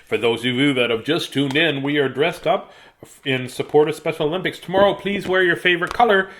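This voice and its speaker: A man's voice: fairly high pitch, fairly quick, fairly bright tone, slight background noise. A man hosting a casual read-aloud of picture books for children, playful and jokey, with silly asides.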